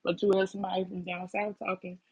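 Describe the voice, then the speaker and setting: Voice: mid-range voice, level tone, fast talker, husky, no echo, poor audio. An interview guest, talking casually and thoughtfully with lots of "like" and "um". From Chicago. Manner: thoughtful and hesitant, many "like" and "um".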